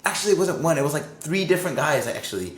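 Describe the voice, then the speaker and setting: A man on a podcast telling a wild tour story in a casual, animated way, swearing freely and acting out what others said. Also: fairly high pitch, quick pace. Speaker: touring crew guest. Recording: roomy with faint ambience.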